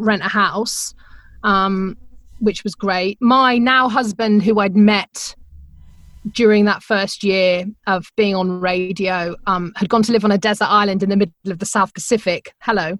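A middle-aged woman, a radio presenter, telling her career story in a chatty, animated way, laughing often and acting out the voices she quotes. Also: mid-range voice, moderate pace, no echo, clean studio sound. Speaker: podcast guest, radio presenter. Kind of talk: conversational storytelling.

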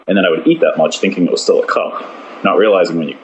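A man with an extremely low, deep voice chats casually as a podcast guest. He rambles loosely and fills his talk with hesitations. A faint noise runs under the recording. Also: racing, low-quality recording. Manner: loose and rambling, with many fillers. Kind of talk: casual chat.

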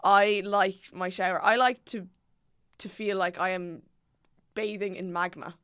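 Lively woman co-hosting a podcast. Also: mid-range voice, unhurried, clear, resonant tone, dry recording, studio quality. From Ireland. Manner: animated, laughs often, reads out questions. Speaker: podcast co-host. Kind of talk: casual podcast chat.

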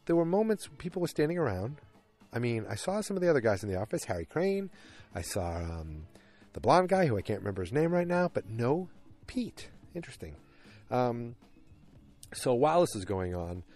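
A tired man casually recapping a TV episode, rambling with lots of fillers. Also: on the low side. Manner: rambling, filler-heavy, animated retelling.

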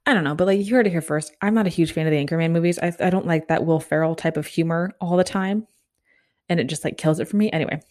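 A woman in her thirties hosting a solo podcast, telling a story in a breathless, animated way. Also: low-pitched, quick pace. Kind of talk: casual storytelling monologue.

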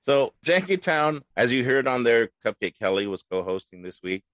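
A man's voice: medium pitch, sing-song, normal speed, a bit bright, no echo. A man hosting a podcast in casual chat, easygoing and chuckling often. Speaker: podcast host.

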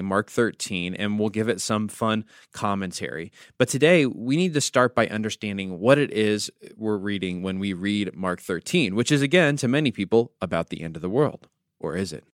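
A man's voice: lowish voice, dry recording, clean studio sound. A man from the United States, a pastor hosting a devotional podcast, teaching through conversational storytelling with wry asides.

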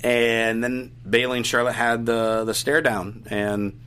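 A man hosting a podcast, casually recapping events in quick, quippy bursts. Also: mid-range voice, level tone, fairly bright tone, a little hiss or hum. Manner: brisk recapping, quick quips. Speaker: podcast host.

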